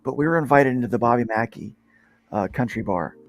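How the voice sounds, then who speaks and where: A man's voice: mid-range voice, fairly quick. A man hosting a casual podcast panel, telling a long story in a rambling way with frequent restarts. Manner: rambling, restarts often, animated when telling stories. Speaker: podcast host.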